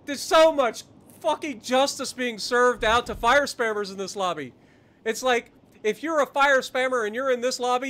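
A man streaming live gameplay commentary, swearing a lot and breaking into excitable laughter. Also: sits high.

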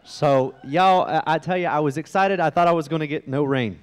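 A young man, a visiting gospel singer, exhorting a church congregation in a rapid, urgent way, repeating himself as he presses his point. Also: a little high, clean tone. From West Virginia, USA. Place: church service before a congregation.

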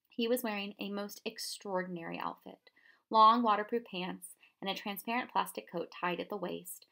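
A woman narrates a storybook in a measured, expressive reading. Her middle-pitched voice carries a noticeable gravelly fry.

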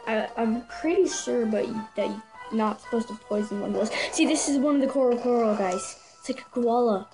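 An excitable woman chats her way through a reaction video in a fairly high voice, tripping over names and laughing at her own slips. Clear music plays steadily behind her. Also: a little fast, few pauses, poor audio. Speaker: video creator. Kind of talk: casual reaction commentary.

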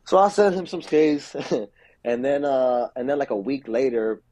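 A man's voice: medium pitch, lively intonation, normal speed, warm tone, no echo. A man on a podcast telling stories in a casual, profane, slangy way and acting out what people said. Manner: profane, slangy, acts out quotes. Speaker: podcast guest, skater. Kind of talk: casual storytelling.

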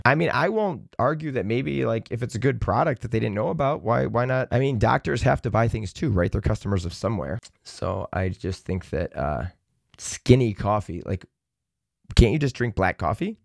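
A man hosting a comedy channel, reading Reddit posts aloud with sardonic, profane, deadpan asides. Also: fairly low pitch, normal speed, vocal fry, dry recording, studio quality. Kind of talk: sarcastic comedic commentary.

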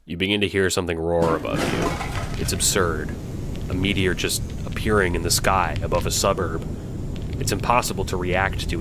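A man narrating an audio drama in the second person, moving between hushed dread and panicked cries. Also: sits low, very noisy. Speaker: narrator and voice actor.

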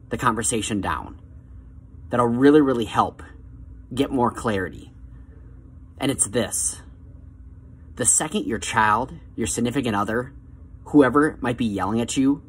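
A man giving calm, coaxing motivational advice straight to the viewer, slowing down on key phrases. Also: medium pitch, slight background noise. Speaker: self-help vlogger.

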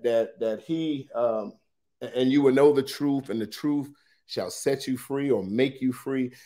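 A man leading a morning Bible study, reading scripture dramatically with colloquial asides. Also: medium pitch. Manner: dramatic scripture reading, shifts loudness and pace widely.

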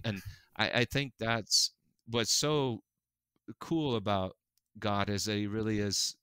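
A pastor telling stories with animated, earnest energy and frequent laughter. His lowish voice is bright and crisp. The sound is close and dry, with no room around it. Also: slow, pauses often, no room sound. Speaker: pastor and guest. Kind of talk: casual conversational storytelling.

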